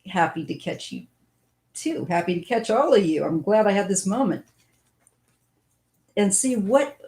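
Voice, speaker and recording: A woman's voice: mid-range voice, expressive, unhurried, darkish tone. A woman giving a casual live-stream tarot reading, musing and thinking aloud as she goes. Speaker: tarot reader.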